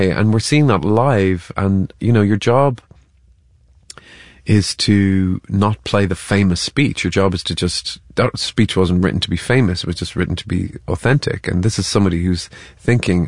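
A man with a very deep voice talks through his work as an actor, often stumbling over his first words before settling into a thought. The sound is dry and close, with no room around him. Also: normal speed, no room sound. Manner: stammering restarts, thoughtful, laughs easily. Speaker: actor, interview guest. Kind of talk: reflective interview talk.

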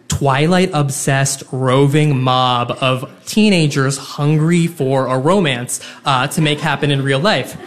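A young man telling a personal story live, animated and self-deprecating, with lots of fillers and restarts. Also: a little high.

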